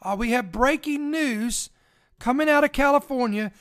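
Woman, live-stream news host; deliberate emphatic reader, repeats key phrases, frequent small restarts, addresses the audience directly. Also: high voice. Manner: stumbles and restarts words while reading. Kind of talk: live commentary reading news aloud.

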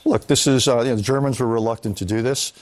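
An older man, a veteran diplomat, answering questions in a live news interview in a measured, analytical way. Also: mid-range voice, steady tone. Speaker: foreign policy analyst guest.

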